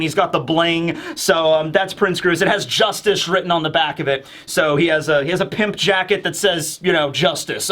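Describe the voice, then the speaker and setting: Excitable male manga reviewer, rambling casual commentary, high voice. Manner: excitable, rambling, lots of fillers.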